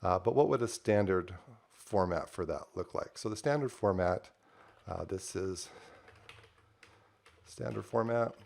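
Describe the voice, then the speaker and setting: A man with a low, gravelly voice talks through a coding demo at his desk. His delivery is loose and conversational, full of ums and uhs as he types and explains each step. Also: measured pace, long pauses, darkish tone. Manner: loose and conversational with frequent fillers. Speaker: software developer demoing a project. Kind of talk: casual screen-share tutorial.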